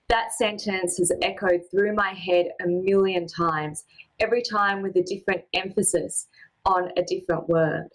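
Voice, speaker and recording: A woman performing a personal spoken-word story, with a measured, poetic and deliberate delivery. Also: on the low side, fairly even intonation, low-quality recording.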